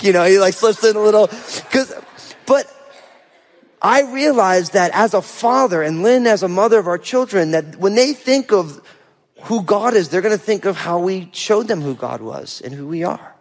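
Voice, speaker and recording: A middle-aged man preaching a sermon in a conversational way, often tossing in a quick "right?". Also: sits high, lively intonation, big-room sound. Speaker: pastor.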